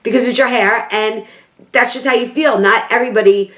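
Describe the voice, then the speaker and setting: A woman's voice: a little high, fairly even intonation, a little fast, fairly bright tone. A middle-aged woman with a New York accent, talking to camera in a heartfelt, rambling way and repeating herself for emphasis. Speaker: beauty vlogger. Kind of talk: emotional casual talk to camera. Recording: echoey room.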